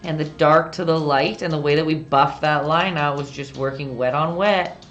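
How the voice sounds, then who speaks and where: Brief: young Canadian woman, low voice, chatty livestream art teacher, giggly, faint background music. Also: normal speed, dull audio. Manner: chatty, giggly, reads chat aloud. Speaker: painting instructor. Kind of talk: live-streamed painting lesson chat.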